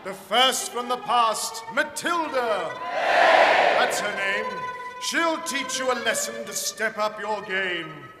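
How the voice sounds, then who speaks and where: A stern male ghost lectures a miser in slow, declaiming tones, as a man acts him out. His fairly high voice carries from far off in a church with a long reverb. Loud music and a lively crowd fill the background. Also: very noisy. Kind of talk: live comic verse performance.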